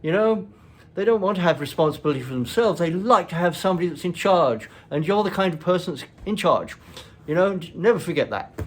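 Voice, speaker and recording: A man voicing his father, a grand old English gentleman who reassures him in a lordly, set-in-his-ways manner. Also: a little high, a little slow, voice pushed up, close to an everyday voice.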